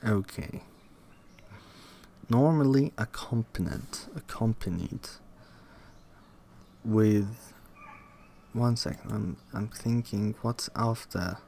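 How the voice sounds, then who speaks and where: Gravelly low-voiced man reading aloud. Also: dark tone, a little hiss or hum. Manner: halting reading with restarts and muttered asides. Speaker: reader studying a textbook. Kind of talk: reading a textbook aloud with asides.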